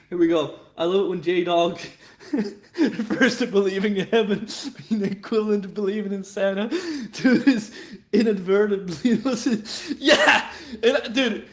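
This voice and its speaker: A man's voice: sits high, a little slow. A man hosting his own channel, chatting casually in a rambling, profane way, laughing a lot between thoughts. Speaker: channel host.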